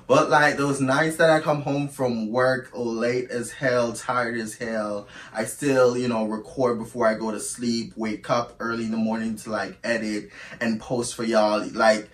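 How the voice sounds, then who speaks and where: Recorded from a distance with plenty of room echo, this mid-range male voice belongs to a chatty storytime YouTuber. He tells his viewers a casual story with lots of expression and keeps addressing them as "girl."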